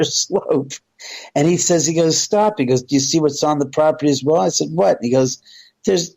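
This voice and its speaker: A man's voice: on the high side, warm tone, breathy edge, rough recording. A middle-aged man from Southern California, a radio interview guest, telling long rambling stories and acting out quoted dialogue. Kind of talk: casual storytelling on a radio interview.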